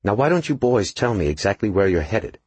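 A man reading an audiobook, voicing a tough, cool-headed woman police officer who speaks in a firm, measured, commanding way. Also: fairly low pitch, very animated, a little mellow, husky, no echo, voice pushed up. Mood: stern. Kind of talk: audiobook narration.

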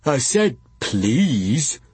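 A man's voice: mid-range voice, sing-song, extremely slow, darkish tone, slightly rough, no room sound, pitched above the performer's own voice, heavily acted. A man voicing a simple-minded, hulking male fool with a cheerful manner.

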